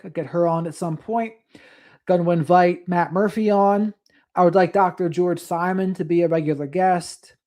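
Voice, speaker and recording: A late-night livestream host talks loosely into a desk mic, reading out comments from the audience and wandering off into side topics. The pitch sits in a middle range, and the delivery is easygoing and chatty. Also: mellow. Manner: rambling, reads out viewer comments and drifts into asides. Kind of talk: casual late-night live stream chat.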